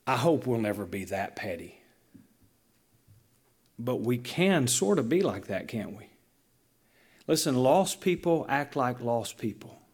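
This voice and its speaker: A man's voice: mid-range voice, measured pace, pauses often, slightly rough. A man preaching a sermon as pastor, telling stories with emphatic, shifting delivery. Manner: animated storytelling with emphatic dynamic shifts.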